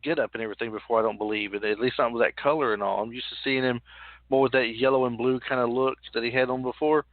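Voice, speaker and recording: A man's voice: medium pitch, fairly even intonation, fast talker, no room sound. A man hosting a casual recap chat, rambling and repeating himself as he talks things through. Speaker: podcast host. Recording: tinny phone-like audio with faint hiss.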